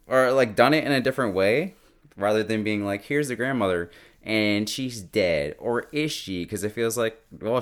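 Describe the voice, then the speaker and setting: A man casually recapping and reviewing a TV episode, jumping into quick acted-out character voices with laughs. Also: fairly low pitch, smooth. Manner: animated, acts out characters in quick bursts. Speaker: podcast host recapping a TV episode.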